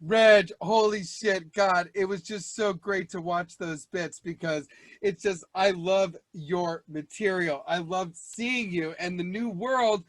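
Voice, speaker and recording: A man's voice: high voice, slow. A man hosting an interview show, talking in an effusive, gushing way to his guest. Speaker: show host.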